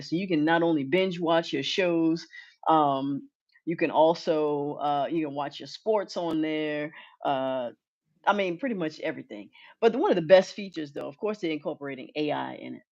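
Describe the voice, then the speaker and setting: A woman co-hosting a podcast, talking in a relaxed, conversational, casual way. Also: low-pitched, normal speed. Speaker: podcast co-host. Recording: dull lo-fi audio.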